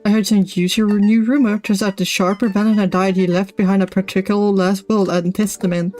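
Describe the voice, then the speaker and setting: A woman's voice: medium pitch, flat delivery, fairly quick, a little mellow, soft background music, natural voice. A gossipy young girl reporter, read by a woman. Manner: reads game dialogue aloud.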